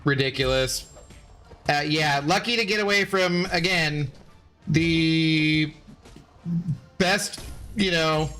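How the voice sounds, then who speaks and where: A man's voice: sits high, pushed and bright. A man casually chatting with his viewers while streaming a game, reading out chat messages and bantering sarcastically. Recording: faint background music.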